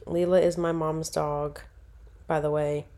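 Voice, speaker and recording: A woman's voice: low voice, level tone, a little slow, dark tone. A woman, hosting a casual solo podcast and rambling chattily, correcting herself as she goes. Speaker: podcast host.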